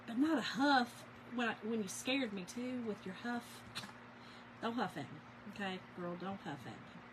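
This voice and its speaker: A woman's voice: fairly high pitch, lively intonation, moderate pace, noisy background. A chatty woman, telling stories to viewers and reading their names aloud during a casual crafting livestream.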